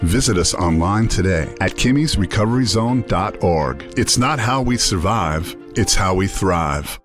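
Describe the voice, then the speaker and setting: A man with a lowish voice reads a smooth, measured promotional spot. Faint music sits behind him. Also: expressive. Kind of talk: ad voice-over.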